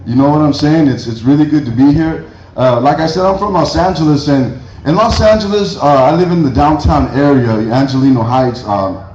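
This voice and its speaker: A man's voice: fairly high pitch, moderate pace, a little mellow. A middle-aged man from Mexico doing a rambling stand-up comedy set, chuckling at his own jokes. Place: church hall. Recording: roomy, dull lo-fi hall recording.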